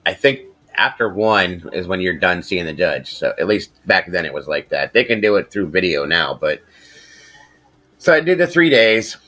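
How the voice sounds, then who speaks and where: A middle-aged man hosting a casual podcast, telling a rambling, profane story and getting animated when he quotes people. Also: sits low, normal speed. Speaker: podcast host.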